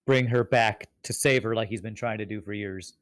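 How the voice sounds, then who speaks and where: A man's voice: on the low side, fairly even intonation, normal speed, dry recording. Thoughtful male tabletop player. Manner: thoughtful, explaining his character's choices. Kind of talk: casual tabletop game chat.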